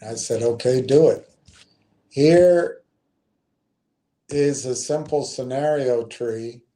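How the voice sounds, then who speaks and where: Slow-talking man with a mellow voice. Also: mid-range voice. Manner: unhurried, thinking aloud with frequent ums and self-corrections. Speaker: stream host. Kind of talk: casual investing talk, reading out analysis.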